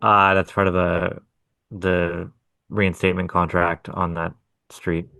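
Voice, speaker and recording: A man's voice: sits low, little pitch movement, slow pace, creaky, bright, forceful tone, no room sound. A man co-hosting a podcast, telling stories about his contracting work in a laid-back, profane way. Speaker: podcast co-host, hardscape contractor. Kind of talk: casual chat.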